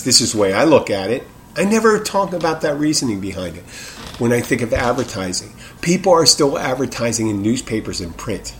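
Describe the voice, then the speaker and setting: Talking alone on his podcast, a man with a mid-range voice rambles briskly and very animatedly, interrupting and restarting himself. He's frank and occasionally profane. Slight background noise is audible.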